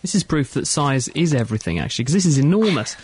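British guy hosting radio chat, talks super fast, slightly high voice, jokey. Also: sing-song, a little mellow, slight background noise. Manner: quick, jokey, with restarts. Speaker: radio show host. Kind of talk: lively studio chat.

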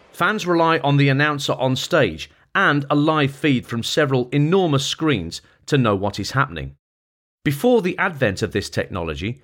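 A man narrating a long-form feature article as scripted narration, in a measured, even reading voice. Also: medium pitch.

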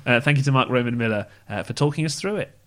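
A man's voice: medium pitch, fast talker, a bit bright, soft background music. A man co-hosting a podcast in casual, wry chat. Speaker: podcast co-host.

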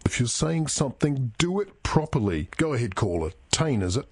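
A man's voice: medium pitch, sing-song, moderate pace, darkish tone, husky, no echo. A man playing a pompous, condescending talkback radio host in a comedy sketch.

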